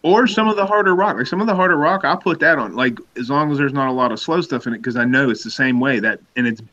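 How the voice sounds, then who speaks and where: Man, bright forceful voice, agreeable, laughs easily, dull lo-fi audio. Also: mid-range voice. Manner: chatty, quick to agree, laughs often. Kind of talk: casual livestream chat. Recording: dull lo-fi sound.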